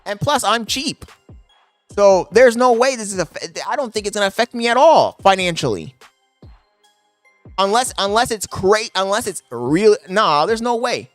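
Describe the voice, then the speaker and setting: A young man streaming live from his apartment, talking loudly and profanely to his chat into a desk microphone, laughing often. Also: high voice, big pitch swings, moderate pace, no room sound, faint music behind. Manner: loud, yelling into the mic, profane, laughing.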